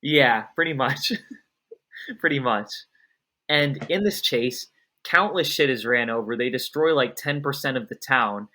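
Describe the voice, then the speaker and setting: A man's voice: medium pitch, measured pace, bright, forceful tone. A man co-hosting a TV recap podcast in casual chat, ranting animatedly and swearing a lot. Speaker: podcast co-host.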